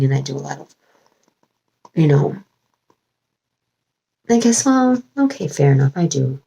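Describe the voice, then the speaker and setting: A woman's voice: deep voice, big pitch swings, unhurried, gravelly, pauses often, warm tone, husky, dull audio. A woman talking as a spiritual channeler in a rambling home vlog, wandering with many fillers and restarts. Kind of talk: casual spiritual vlog monologue.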